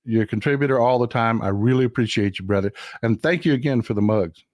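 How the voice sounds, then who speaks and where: A man's voice: medium pitch, fast, darkish tone, no room sound, clean studio sound. An older man hosting a casual livestream, talking bluntly and with profanity while he reads out and thanks viewers' comments. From Texas. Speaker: livestream host.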